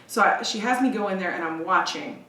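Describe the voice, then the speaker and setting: A woman in her thirties, a podcast guest, telling a personal story in a candid, emotional way, often quoting others in a lowered voice. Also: bright, forceful tone. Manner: emotional, intense, quick asides, quotes others in a lowered voice. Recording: roomy echo, distant from the mic, faint hiss.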